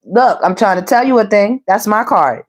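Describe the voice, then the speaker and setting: A woman giving a casual tarot reading, sassy and animated, full of slang and calling the viewers "baby" and "y'all". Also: medium pitch, moderate pace. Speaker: tarot reader.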